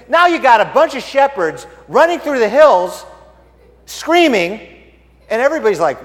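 A man preaching a sermon, telling the story dramatically and swinging from hushed tones to loud exclamations. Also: very high voice, sing-song, normal speed, big-room sound. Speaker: pastor.

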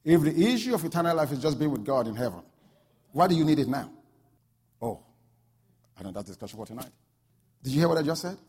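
A man preaching a sermon, telling a story and building to loud, fervent peaks. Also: fairly high pitch, big pitch swings, quick pace, long pauses, slightly rough. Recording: long hall reverb.

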